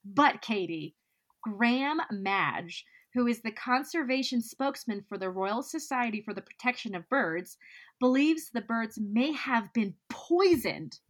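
Woman podcast co-host, slightly high voice, playful asides. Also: lively intonation, unhurried. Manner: reads facts aloud with playful asides. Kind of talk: casual chat.

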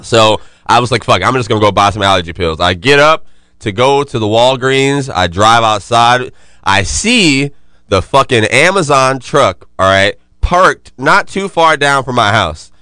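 A man hosting a casual podcast, telling a profane, animated story and joking with friends. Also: mid-range voice, a little slow, smooth, no room sound. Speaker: podcast host.

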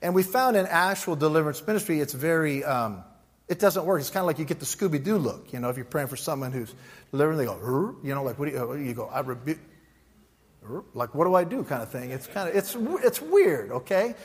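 A man's voice: on the high side, very animated, fast, breathy edge. A middle-aged man, a pastor, teaching a sermon and telling a story by acting out both sides of the dialogue.

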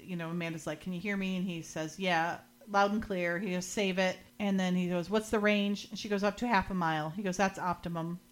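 Brisk with few pauses, a woman with a fairly low pitch and fairly even intonation hosts a podcast recap of a TV episode. Her casual retelling includes lightly acted character quotes and plenty of laughs.

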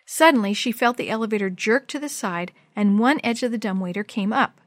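A woman narrating a children's chapter book aloud in a clear, even storytelling manner. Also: medium pitch, a little fast, dry recording, studio quality.

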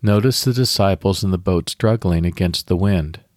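Deep-voiced man leading calm guided prayer. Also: no echo, clean studio sound. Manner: calm, measured, instructive pacing. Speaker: devotional podcast host. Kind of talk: guided prayer and scripture meditation.

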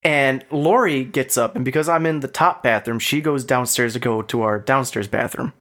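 In a casual podcast conversation, a male co-host tells a story with lots of energy, swearing freely along the way. He speaks in a mid-range voice at normal speed.

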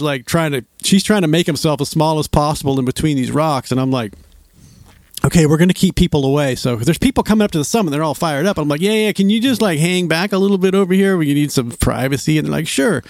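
Lively middle-aged man telling a story. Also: a little high, vocal fry, no room sound. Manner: animated, acts out quoted voices. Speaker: storyteller recounting a hike. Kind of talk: casual storytelling chat.

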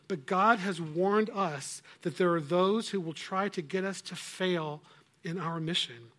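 Guy preaching, animated storyteller, kinda high voice. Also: moderate pace. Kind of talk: sermon.

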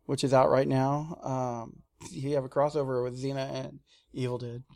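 A man in casual chat, telling lively stories and acting out his own screams. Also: medium pitch, normal speed, vocal fry. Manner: animated storyteller, mimics his own screams. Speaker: comic shop staff guest. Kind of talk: casual radio-style chat.

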